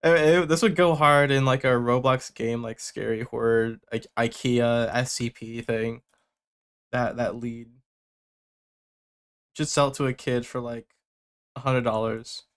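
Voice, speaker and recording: A man's voice: medium pitch, flat delivery, measured pace, pauses often, clean tone. A young man hosting a livestream, bluntly reviewing submitted tracks with casual joking and swearing. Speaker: music producer giving feedback on submissions.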